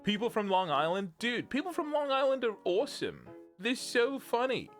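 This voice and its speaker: A man's voice: very high voice, huge pitch swings, normal speed, fairly bright tone, soft background music. A young British man, a streamer, rambling through a casual chat and laughing often. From Britain.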